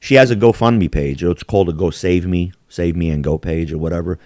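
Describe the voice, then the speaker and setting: A man's voice: sits low, brisk, a little mellow, no room sound, studio quality. A man hosting a podcast, talking in heated, profanity-laden rants with big swings in emphasis. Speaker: podcast host. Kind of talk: casual heated chat.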